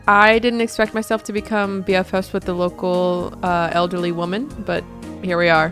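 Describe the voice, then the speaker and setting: A woman's voice: mid-range voice, fairly even intonation, normal speed, faint music behind. A young woman hosting a let's play, narrating casually with dramatic reactions. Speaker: gaming channel host.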